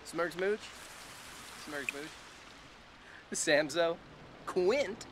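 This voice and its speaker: A man's voice: on the high side, extremely slow, fairly bright tone, slight background noise. A man voicing a video game character who chimes in with short invented gibberish phrases. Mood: playful.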